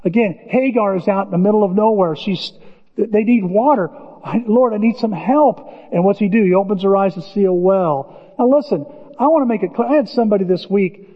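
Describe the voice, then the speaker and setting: Older man, pastor preaching, high voice, long hall reverb, dull muffled sound. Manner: impassioned, rising to shouts, with folksy asides. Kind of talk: sermon.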